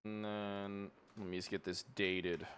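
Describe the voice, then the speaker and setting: A man's voice: on the low side, flat delivery, measured pace, a bit bright, smooth. A man playing a police officer taking a report in a role-play game, easygoing and teasing. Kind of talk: casual role-play chat.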